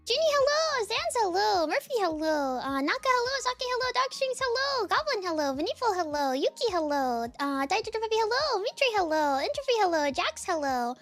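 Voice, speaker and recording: A woman's voice: extremely high pitch, very animated, a bit bright, soft background music. A young woman streaming live, chatting casually and rattling off greetings to viewers, often breaking into giggles. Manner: giggly, laughs often, quick run of greetings.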